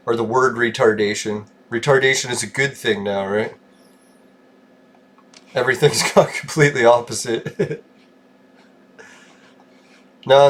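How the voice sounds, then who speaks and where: A young gaming streamer with a mid-range, mumbling voice chats casually and rambles while he plays, from a home room with painted walls. He chuckles often and throws in self-mocking asides.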